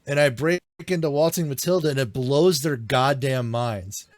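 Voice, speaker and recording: A man co-hosting a gaming podcast in casual chat, blunt and quick to swear. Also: medium pitch, no room sound, studio quality. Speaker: podcast co-host.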